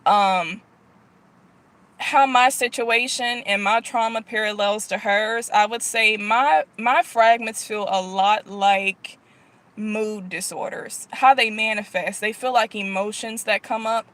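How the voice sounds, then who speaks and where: A woman vlogging as a Christian prophetess, teaching in a relaxed, conversational way with frequent sighs and fillers. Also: mid-range voice, takes it slowly. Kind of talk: casual spontaneous vlog teaching.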